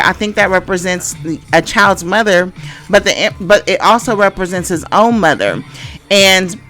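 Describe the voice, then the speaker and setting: A woman's voice: medium pitch, fairly bright tone. A middle-aged woman giving a casual tarot reading, rambling and hesitant, with many fillers and restarts. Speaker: tarot reader.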